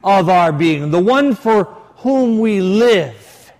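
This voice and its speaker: High-voiced priest preaching in a reverberant hall. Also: male voice, lively intonation, takes it slowly, darkish tone. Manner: storytelling with quoted dialogue, varied emphasis. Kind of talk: sermon. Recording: long reverb of a large hall.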